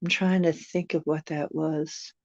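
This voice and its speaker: Low, slow-talking woman host. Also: little pitch movement, a little mellow, no echo, highs cut off. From United States. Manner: musing aloud, reading and answering viewer comments. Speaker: channel host chatting with viewers. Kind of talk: casual live-stream chat.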